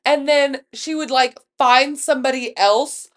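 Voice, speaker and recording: A woman's voice: high-pitched, steady tone. A young woman co-hosting a casual podcast, blunt and profane as she tells stories. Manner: blunt, profane, quick storyteller. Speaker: podcast co-host.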